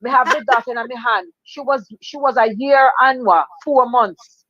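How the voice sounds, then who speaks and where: A middle-aged Jamaican woman tells her story in lively patois. Her voice sits high. The sound is dry and a little dull, like an older lo-fi radio recording. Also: moderate pace, dry recording. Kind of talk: casual storytelling chat.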